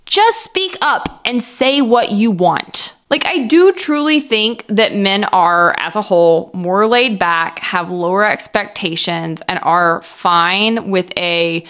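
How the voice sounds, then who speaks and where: A young woman hosting a reaction video, giving blunt, opinionated commentary in a lively way. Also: mid-range voice, slow pace, few pauses.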